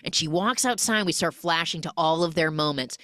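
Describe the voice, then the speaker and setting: A woman hosting a podcast, recapping a film in an animated, jokey way full of 'like'. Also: low voice, a little fast, no room sound, clean studio sound. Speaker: podcast host.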